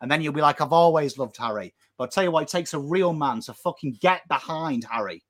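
An English man ranting as co-host of a football fan show, sweary and impassioned, swinging between shouting and low intensity. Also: expressive, fast talker. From England. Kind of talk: fired-up fan rant.

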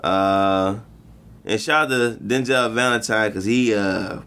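A man's voice: fairly low pitch, slow, a bit bright, smooth. A man co-hosting a casual sports chat, loose and joking with plenty of profanity. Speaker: podcast co-host.

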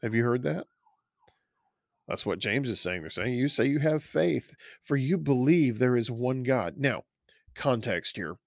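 Plain-spoken pastor teaching verse by verse. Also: male voice, mid-range voice, animated, vocal fry, no echo, clean studio sound. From Texas. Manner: conversational, reads scripture aloud and pauses to comment.

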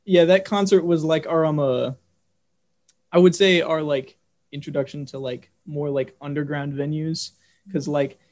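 A young man hosts a podcast in relaxed conversation with his guests. His voice sits a little high, and he rambles with plenty of "like" and "um" as he works toward his questions. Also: unhurried. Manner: rambling, many fillers. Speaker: podcast host. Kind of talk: casual interview chat.

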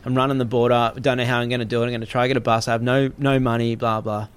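A man's voice: medium pitch, level tone, very fast, smooth, natural voice. A man voicing an edgy male drug runner just out of jail, blunt and urgent. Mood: panicked.

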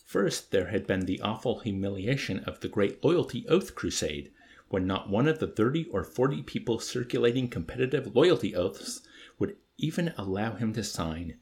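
Gravelly, expressive male narrator. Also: fairly low pitch, moderate pace. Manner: expressive, dry storytelling. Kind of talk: audiobook reading.

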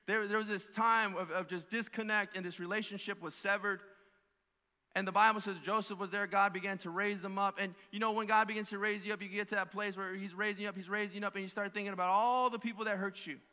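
Pastor, male, bright forceful preaching, repeats lines, big reverberant church sound. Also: high voice. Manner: emphatic preaching with repeated phrases. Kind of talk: sermon. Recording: long hall reverb.

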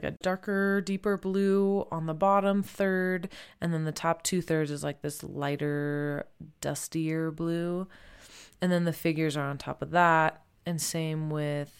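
A woman's voice: deep voice, clean tone. A woman presenting art in casual chat, chatty, laughing often and saying "like" a lot.

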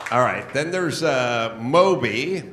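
A man's voice: medium pitch, lively intonation, takes it slowly, a crowd in the background, noisy background. A middle-aged man hosting a comedy podcast, delivering a blunt, profane, mocking rant to a live audience. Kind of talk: ranting live comedy monologue. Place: live show venue. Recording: echoey live venue.

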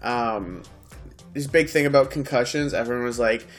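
A young man co-hosting a casual podcast chat, animated and profane as he retells scenes. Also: medium pitch, moderate pace, faint music behind. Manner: animated, swearing, acts out scenes. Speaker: podcast co-host.

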